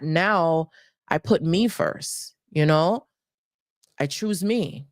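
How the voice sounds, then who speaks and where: Earnest woman with a lowish voice. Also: dry recording, studio quality. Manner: earnest, emphatic, repeats key phrases. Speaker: host. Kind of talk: motivational personal talk.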